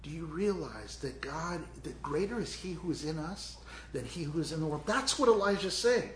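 High-voiced preaching man, echoey room. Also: moderate pace, slight background noise. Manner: animated, conversational, acts out scenes. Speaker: pastor. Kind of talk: sermon.

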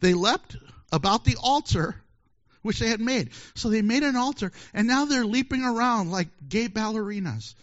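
A man preaching a sermon in a joking, animated way, acting out little voices and laughing often. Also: sits high, moderate pace. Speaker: pastor. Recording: dull lo-fi sermon recording.

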